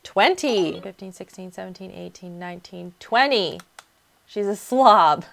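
A young woman hosting casual gameplay commentary, chatty and excitable, narrating each step aloud. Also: medium pitch, a little slow, gravelly. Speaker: gaming YouTuber, host.

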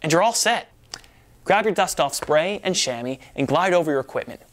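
A man's voice: a little high, lively intonation, a little fast, fairly bright tone. A man giving a playful, exaggerated comedic demonstration as a presenter. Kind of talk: comedic product demo.

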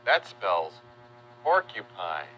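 Very slow, bright-voiced man teaching kids. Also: low-pitched, very animated, slight background noise. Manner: spells words out letter by letter, friendly and deliberate. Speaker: children's teacher narrator. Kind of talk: children's educational narration. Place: voice-over.

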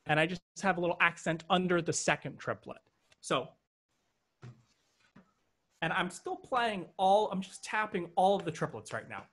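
A drum instructor with a slightly high, fairly bright voice teaches an online lesson over a video call. He counts triplets aloud in rhythm and cracks the occasional joke.

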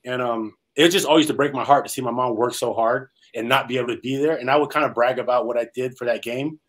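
A man's voice: mid-range voice, fairly even intonation, fast talker, a bit bright, poor audio. A man from California, a former pro football player, telling his story as an interview guest, earnest and rambling with many "um"s. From Salinas, California, US.

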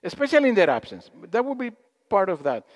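A man's voice: high voice, huge pitch swings, quick pace, dull audio. A man giving a spiritual talk to an audience in a hall, telling stories, acting out quotes and putting questions to the listeners. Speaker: speaker at a spiritual gathering.

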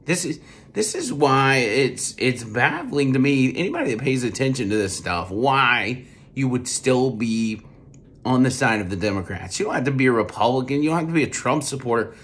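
A podcast host, speaking with a hoarse, strained voice after losing it, ranting in casual political commentary with repeated words. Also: male voice, medium pitch, big pitch swings, normal speed, a bit bright. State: lost his voice.

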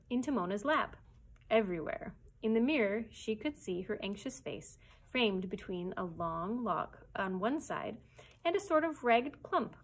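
A woman librarian reads a children's chapter book aloud at story time. Her voice is mid-pitched and her storytelling steady and expressive, as she carries the narration between the characters' lines. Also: low-quality recording.

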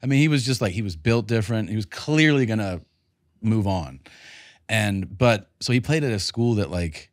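Low-voiced man telling a story. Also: lively intonation, moderate pace, no room sound, studio quality. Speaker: podcast co-host. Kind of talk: casual chat.

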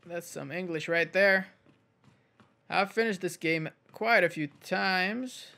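Gravelly high-voiced man, rambling game commentary. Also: unhurried, bright, forceful tone. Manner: rambling, jokey, swears and mutters to himself. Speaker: gaming channel host. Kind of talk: casual gameplay commentary.

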